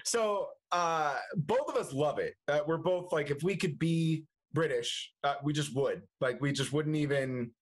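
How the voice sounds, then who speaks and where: A man's voice: on the high side, a little slow, hardly any pauses, breathy edge, poor audio. A young man, a movie reviewer chatting casually as a guest, laughing often and restarting his sentences. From United States. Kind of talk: casual interview chat.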